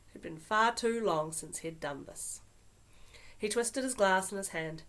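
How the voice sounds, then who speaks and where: A woman author reading her own novel aloud in even, measured audiobook narration. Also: medium pitch.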